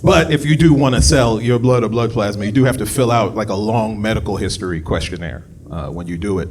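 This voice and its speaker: A man doing a stand-up comedy set on a club stage, jumping from low muttered asides to loud, high shouted bits. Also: fairly quick, a little hiss or hum. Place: comedy club stage before a live audience. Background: audience laughter.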